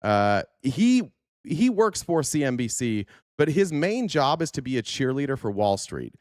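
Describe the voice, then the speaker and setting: A man's voice: mid-range voice, sing-song, a little slow, dry recording, studio quality. A man hosting a political livestream, ranting heatedly with profanity and restarts while reacting to clips and chat. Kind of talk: casual livestream commentary.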